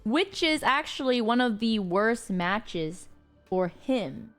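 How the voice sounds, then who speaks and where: Animated woman telling a story. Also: fairly high pitch, takes it slowly, soft background music. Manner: animated, acts out quoted lines, frequent laughter. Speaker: streamer; rideshare driver. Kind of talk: casual storytelling to a stream chat.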